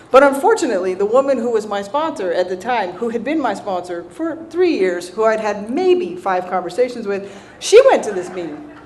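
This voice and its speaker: A Southern American woman with a mid-range, somewhat dark voice shares her recovery story with a live audience, poking fun at herself and keeping it conversational, frequently asking "right?". There's a slight background noise.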